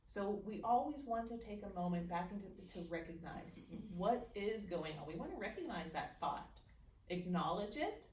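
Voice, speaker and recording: A woman leading a guided meditation class in a library meeting room, gentle and playful, dropping into a soft aside voice when she speaks to her thoughts. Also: medium pitch, expressive, moderate pace, a little hiss or hum. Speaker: meditation teacher. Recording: echoey room from a distance.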